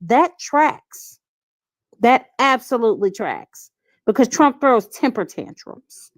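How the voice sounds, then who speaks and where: A woman panelist speaking in a deliberate, sarcastic way during a heated live debate. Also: fairly high pitch, very animated, dry recording.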